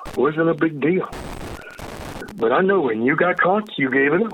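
An older man, a retired undercover agent, talking casually and emphatically, agitated and swearing, with sudden high bursts. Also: lively intonation, normal speed, long pauses, highs cut off, a little hiss or hum. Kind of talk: casual conversation.

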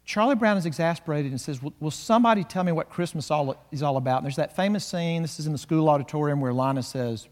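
A male pastor preaching a sermon, slowing and swelling on key words. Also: fairly high pitch, a little mellow, big-room sound.

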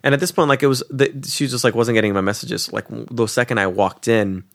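A fast-talking young man with a gravelly voice co-hosts a podcast, captured in a dry, clean studio recording. His travel story comes out animated and casual, with the people in it acted out through abrupt pitch leaps, plus offhand swearing and "like" as filler.

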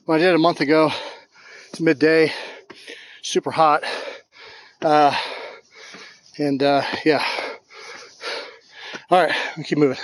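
A man's voice: on the high side, fairly even intonation, unhurried, long pauses. Winded man vlogging a steep climb. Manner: candid, reflective, casual swearing. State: out of breath. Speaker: host. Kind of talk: hiking vlog narration. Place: outdoors on a steep stair trail.

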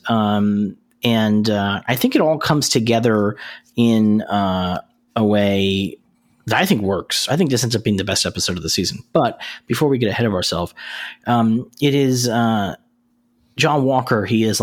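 Male podcast co-host, casual recap delivery, loose and filler-heavy. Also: lowish voice. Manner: rambling, many fillers and restarts.

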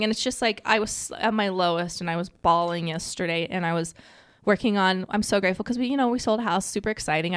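A woman's voice: medium pitch, a bit bright, no room sound. A middle-aged woman co-hosting a podcast, telling personal stories in a casual, emotional, rambling way. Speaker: podcast co-host. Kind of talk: casual chat.

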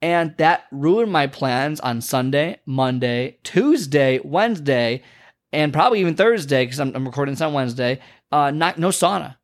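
A man's voice: on the high side, expressive, moderate pace. A young man casually telling a rambling story in a vlog, with many fillers and restarts. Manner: rambling, chatty, lots of fillers. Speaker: vlogger and motivational speaker.

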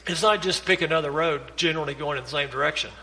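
A man's voice: a little high, quick pace, sharp tone, long reverb tail, poor audio. A man preaching a sermon as a pastor, pleading with his congregation through repeated urgent appeals. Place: church sanctuary.

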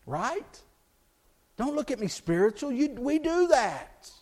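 A male pastor delivers a sermon to his congregation. His voice sits high for a man. He presses points with rising emphasis, then drops soft and low to let them land. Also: sing-song, slow. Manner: earnest, rises in pitch and volume for emphasis, drops low and soft on key points. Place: church.

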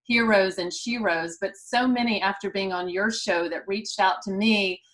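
A woman's voice: medium pitch, steady tone, moderate pace. A woman hosting a faith talk show, asking questions and often affirming her guest. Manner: warm affirmations, frequent "yeah". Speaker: podcast host. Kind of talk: interviewing a guest.

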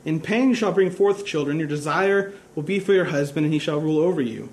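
A man preaching a sermon in a church, earnest and measured, dropping to a hushed tone in reflective stretches. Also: on the high side, slight background noise. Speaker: pastor.

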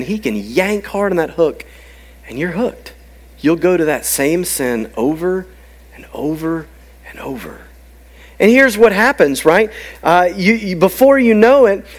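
A male pastor preaches with a fairly high, very lively voice. He presses his points emphatically, then drops to quiet, hushed tones. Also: measured pace. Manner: emphatic, swinging from loud to hushed. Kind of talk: sermon.

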